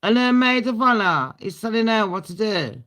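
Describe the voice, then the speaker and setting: A woman's voice: fairly high pitch, animated, moderate pace, fairly bright tone. A British woman hosting a casual storytime chat, blunt and full of swearing and laughing asides. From Britain. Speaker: livestream host.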